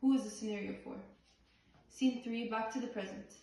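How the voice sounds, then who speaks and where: A woman performing a play by reading the script aloud in a halting way, with restarts on some words. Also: on the high side, fairly even intonation, dark tone. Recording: far-off voice in a very echoey room.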